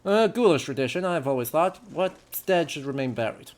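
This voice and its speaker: A man reading aloud the lines of a gruff older male gravedigger from a game, in a plain reading voice. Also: fairly high pitch, animated, brisk, close to an everyday voice. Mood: matter-of-fact.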